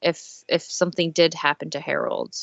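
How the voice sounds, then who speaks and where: Gravelly low woman, halting tabletop player. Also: flat delivery, fairly bright tone, dry recording, lo-fi sound. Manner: hesitant, halting with many fillers. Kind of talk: tabletop role-play over voice chat.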